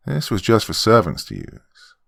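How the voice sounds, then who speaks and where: Very deep-voiced male horror narrator. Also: wildly swooping pitch, moderate pace, gravelly, a bit bright, no echo, clean studio sound. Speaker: horror podcast host and narrator. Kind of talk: first-person horror story narration.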